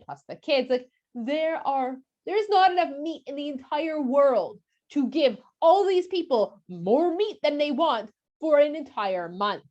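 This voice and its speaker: A woman's voice: high-pitched, darkish tone, pitched above the performer's own voice. An exasperated, overwhelmed male leader at the end of his rope, played by a woman. He pleads in a raised, flustered voice, and the sound is a little dull and lo-fi. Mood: protesting.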